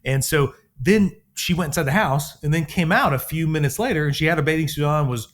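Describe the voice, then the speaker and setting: Animated storytelling male podcast co-host. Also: on the high side, a little fast. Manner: animated, acts out quotes in his stories. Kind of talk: conversational storytelling.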